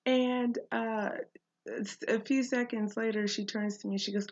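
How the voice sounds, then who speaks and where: A woman hosts her podcast, chatting through a story with frequent laughter and fillers. Her voice has a gravelly edge and she takes her time. The recording sounds dull and lo-fi. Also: fairly high pitch, steady tone, unhurried. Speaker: podcast host. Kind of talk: casual storytelling monologue.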